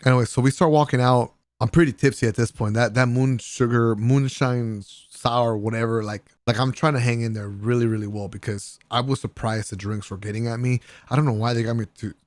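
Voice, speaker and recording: Casual young man recounting a trip. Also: dry recording. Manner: animated, laughing, swearing, mimics friends in raised pitch. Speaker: vlogger. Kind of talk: casual storytelling vlog voice-over.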